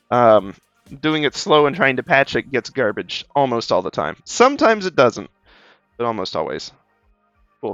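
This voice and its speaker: A man's voice: medium pitch, fairly bright tone, no echo, dull audio. A tired but bubbly man chatting casually while he draws on stream, rambling with lots of ums and little laughs. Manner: rambling, upbeat, chuckles, many ums. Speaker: art streamer.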